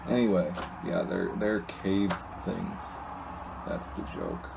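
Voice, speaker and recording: Slow, gravelly-voiced man rambling casually. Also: low-pitched, background noise. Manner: rambling and hesitant, with frequent restarts and asides. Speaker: solo video host reading comics. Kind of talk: casual, unscripted comic descriptions.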